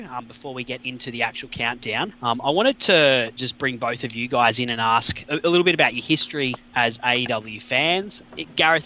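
A man's voice: medium pitch, bright, forceful tone, dull audio, slight background noise. An Australian man hosting a wrestling podcast, upbeat and chatty, dropping in local slang. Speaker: podcast host. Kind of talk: podcast presenting.

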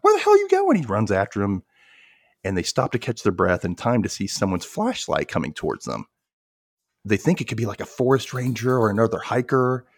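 A man's voice: lowish voice, vocal fry, dry recording, clean studio sound. A man hosting a podcast, chatting casually as he recaps a TV episode and acts out characters' lines with lots of laughs. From Memphis. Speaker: podcast host.

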